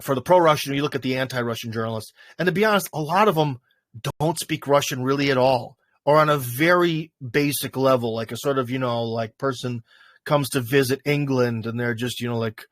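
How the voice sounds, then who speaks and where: A man hosts a livestream in a loose, rambling way, leaning on fillers as he goes. His voice sits at a middle pitch. The sound is dry and close, with no room echo. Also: fairly quick. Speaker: livestream host. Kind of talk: casual chat. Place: in front of a green screen.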